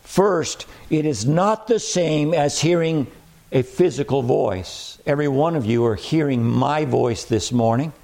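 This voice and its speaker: Mellow-voiced man preaching a sermon. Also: on the high side, gravelly. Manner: emphatic, repeats key phrases, slows on scripture.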